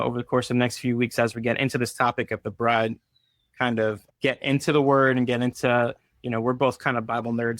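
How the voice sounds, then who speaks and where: A man's voice: medium pitch, fairly bright tone. A man hosting an unscripted live chat in an easygoing, rambling way, cracking small jokes as he goes. His voice sits mid-range, and the sound is dry and close with no room echo. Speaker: podcast co-host. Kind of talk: casual live-stream chat.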